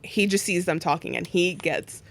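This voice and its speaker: A young woman with a slightly low voice co-hosts a casual podcast chat. She is easygoing, agrees often and retells scenes with plenty of fillers. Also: fairly even intonation, normal speed. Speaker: podcast co-host.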